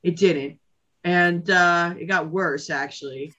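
A woman's voice: on the low side, takes it slowly, a bit bright, dull audio. A woman guest on a podcast, telling a story in casual chat, swearing a lot and acting out her own reactions.

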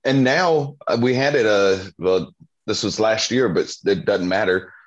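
Slow drawling low-voiced man, lo-fi sound. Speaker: podcast co-host. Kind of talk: casual chat. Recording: dull lo-fi sound.

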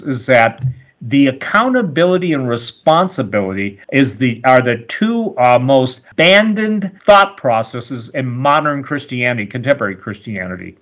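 An older man speaking as an interview guest, emphatic and preacherly, with rambling asides. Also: medium pitch. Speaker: radio host, guest. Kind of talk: animated interview talk.

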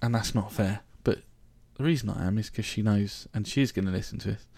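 A London man talks casually into the mic, joking and rambling, with a London accent. His voice is gravelly and dark, a little low for a man. The sound is dry and close, with no room echo. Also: fairly quick. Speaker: podcast host. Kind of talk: casual solo podcast monologue.

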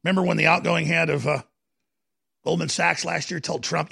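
This male talk radio host has a slightly high, creaky voice with fairly even intonation and a sharp, somewhat rough tone. His political commentary is impassioned and digressive, coming rapid-fire as he stacks phrases and keeps restarting sentences.

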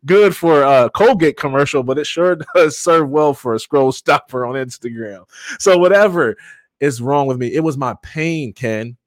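A man being interviewed, telling his story with animated energy and laughter. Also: medium pitch, moderate pace, hardly any pauses, no room sound, clean studio sound. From Michigan. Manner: animated storyteller, acts out voices, laughs often. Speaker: guest.

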